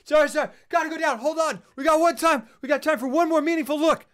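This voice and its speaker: A man voicing a flustered male sailor from a film in a squeaky, mocking falsetto. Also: quick pace. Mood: frantic.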